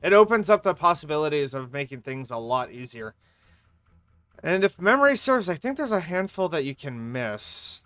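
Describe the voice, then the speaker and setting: A woman's voice: low voice, sing-song, moderate pace, a bit bright, dry recording. Sick, chatty woman game streamer. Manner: chatty, rambling, swears casually. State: coming down with a sore throat, coughing. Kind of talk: live gameplay commentary.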